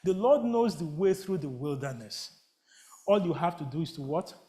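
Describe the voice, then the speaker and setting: A man preaching a sermon in a church, asking the congregation call-and-response questions and rising to near shouts. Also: a little high, animated, moderate pace. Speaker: pastor. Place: church sanctuary.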